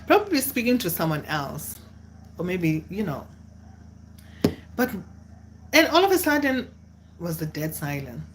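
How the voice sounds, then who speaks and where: Animated young woman. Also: unhurried, pauses often, a little hiss or hum. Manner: animated, dramatic, with sudden high exclamations. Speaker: vlogger. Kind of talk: casual storytelling to camera.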